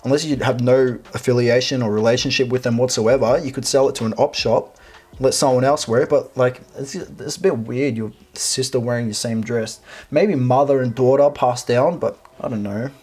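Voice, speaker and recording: Husky-voiced male host, blunt and sarcastic post commentary, heavy swearing. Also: medium pitch, steady tone, moderate pace, darkish tone. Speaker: video host. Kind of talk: reading and commenting on a reddit post.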